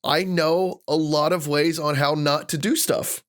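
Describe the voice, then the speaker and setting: On a podcast he co-hosts, a man in his thirties tells a long story in a casual rant, his voice on the high side and his delivery unhurried. He's an animated storyteller who acts out many quotes.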